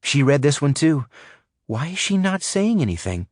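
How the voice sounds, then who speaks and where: A man's voice: fairly high pitch, sing-song, moderate pace, no room sound, clean studio sound, pitched above the performer's own voice. A male narrator voicing a nervous young woman coworker who sounds tense and urgent. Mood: anxious.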